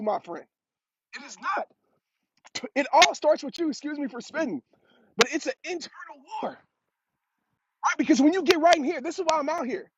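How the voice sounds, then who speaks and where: A man giving a motivational talk, preaching and repeating phrases for emphasis, out on a road. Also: very high-pitched. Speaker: motivational speaker. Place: outdoors on a road. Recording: dull lo-fi sound with clear hiss.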